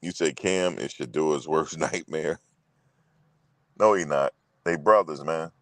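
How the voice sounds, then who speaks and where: A very deep, slightly bright male voice moves slowly through a relaxed sports chat, with no room sound. The host is loose and foul-mouthed, repeats himself, and addresses the viewers head-on.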